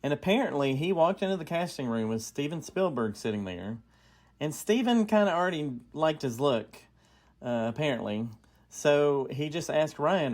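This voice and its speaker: A man's voice: fairly high pitch, expressive, normal speed. A man co-hosting a casual chat, retelling something he read and asking questions. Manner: retells things he read, chatty. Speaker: co-host.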